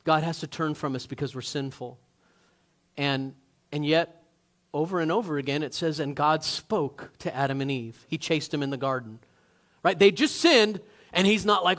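Casting: male pastor, slightly high voice, relaxed conversational sermon that acts out quoted lines. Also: moderate pace.

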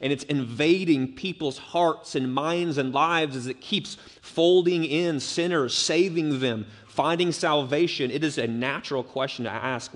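A man's voice: mid-range voice, moderate pace, few pauses. A man preaching a sermon as pastor, earnest and building to emphatic urgency. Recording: long reverb of a church hall.

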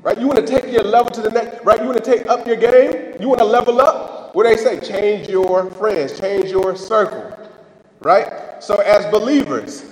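A man's voice: extremely high pitch, fairly quick, roomy sound, big-room sound, rough recording. A man preaching a sermon in a conversational way, often asking "right?" and restarting his sentences.

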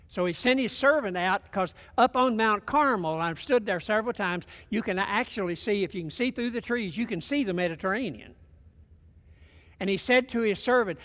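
A man preaching a sermon, retelling a story in a folksy, animated way and acting out the quotes. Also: high voice, moderate pace. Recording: long hall reverb.

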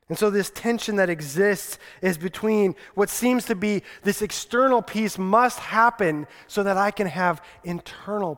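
A man's voice: sits high, a bit bright. A man preaching a sermon as pastor, talking conversationally and repeating key lines for emphasis. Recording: long reverb hall.

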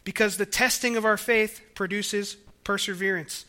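A man's voice: high-pitched, fairly even intonation, normal speed, sharp tone. A young man preaching an earnest sermon, sometimes acting out the voices of the people he quotes.

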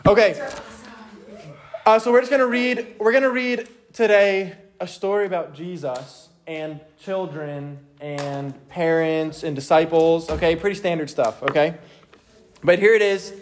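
A young man teaching a youth group from the Bible in a casual, energetic way, often checking in with his listeners. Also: fairly high pitch, unhurried, slight background noise. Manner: energetic, checks in with "okay?" constantly.

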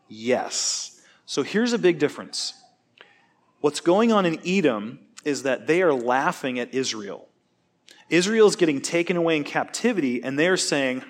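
A man teaching a Bible study class, asking the class questions and cracking jokes between points. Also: a little high. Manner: animated, joking, quick asides, questions to the class.

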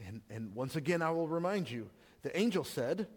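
A man's voice: on the high side, animated, moderate pace, slightly rough. Man preaching in a reverberant hall. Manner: conversational preaching with repeated restarts and rhetorical questions. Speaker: pastor. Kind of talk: sermon.

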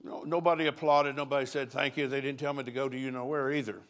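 A man's voice: mid-range voice, flat delivery, fast talker, a bit bright. An older man, a pastor, preaching at a conference in a folksy, storytelling way, chuckling between lines.

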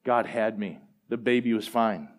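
A middle-aged man preaching a sermon and telling personal stories in a relaxed, conversational way, with plenty of fillers. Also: fairly low pitch, normal speed. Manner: conversational, animated storytelling with fillers. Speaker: pastor. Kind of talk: sermon storytelling.

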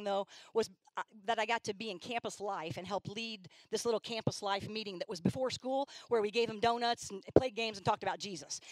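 A middle-aged woman gives a sermon full of stories, her voice set a little high. The sound is dry and close to the mic. She slips into the voices of the girls she talks about, making them livelier. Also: dry recording, rough recording. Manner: animated storyteller, acts out girls' voices. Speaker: church speaker. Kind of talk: sermon storytelling.

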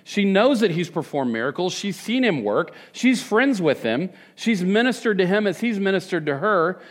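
Man, pastor, conversational sermon, moves between quiet and emphatic. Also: high-pitched, sing-song, normal speed. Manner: conversational preaching, swinging from hushed to emphatic.

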